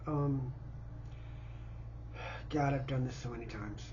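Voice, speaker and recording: Distressed and overwhelmed, an Indiana vlogger in his fifties stammers and repeats words while pleading for help in an unscripted appeal from inside a cluttered house. He speaks slowly in a mid-range, dark voice; the recording has the highs cut off and a little hiss or hum.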